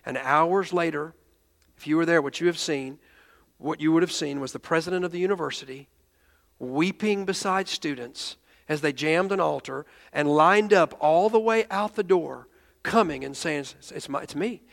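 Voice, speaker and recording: A man's voice: a little high, normal speed, gravelly, a bit bright, in a large hall. A male pastor telling a story in a sermon, emotional, often restarting his sentences and raising his voice when he quotes others.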